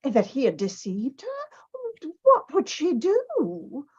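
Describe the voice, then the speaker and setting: A gentle, hesitant friend consoling the bride, read by a woman in a play reading. Her voice is very high and slow, and the recording is dull and lo-fi. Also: wildly swooping pitch, exaggerated voice. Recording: dull lo-fi sound.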